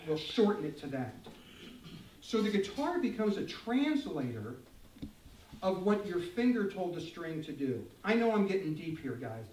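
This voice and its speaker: At a store event room packed with listeners, an older guitar clinician gives a live demo talk, addressing the crowd directly with jokes and lively energy. His voice runs slightly high for a man, and because the mic sits far off, the sound has a roomy echo.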